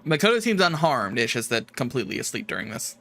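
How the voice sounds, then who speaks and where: A man's voice: mid-range voice, sing-song, quick pace, gravelly, sharp tone. A man running a tabletop role-playing game as game master, narrating events in an easygoing, matter-of-fact way.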